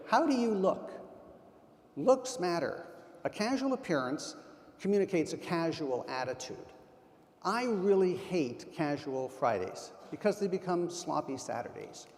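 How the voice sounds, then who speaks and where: Man, 60s, keynote speaker; slightly raised pitch, punchy storytelling, echoing big hall. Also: very animated, measured pace, darkish tone. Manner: emphatic, anecdotal storyteller. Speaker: keynote speaker at a sales conference. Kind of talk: motivational conference talk. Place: large conference hall. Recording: long hall reverb.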